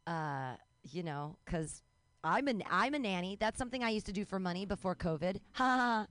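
A young woman doing a rambling, self-mocking stand-up set at an outdoor show, breaking into high-pitched mock panic. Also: animated, brisk, a bit bright, no room sound. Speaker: stand-up comedian.

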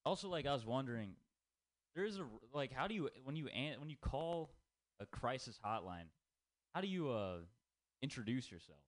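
A young man working through a loose stand-up set in a small comedy room, talking at an ordinary, middling pitch. He rambles, swears freely and makes fun of himself as he goes. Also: very animated, moderate pace. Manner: rambling, self-deprecating, profane. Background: small audience.

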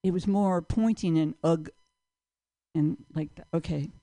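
A woman's voice: low voice, unhurried, dark tone, dry recording. Rambling woman doing stand-up. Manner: rambling, self-deprecating, sings a joke song. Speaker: stand-up comedian. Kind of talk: open mic stand-up set.

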